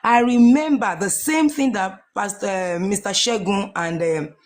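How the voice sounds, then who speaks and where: A Nigerian woman in her forties shares an emotional personal testimony as a guest, speaking at an unhurried pace in a medium-pitched voice. She is earnest and keeps repeating her phrases along the way.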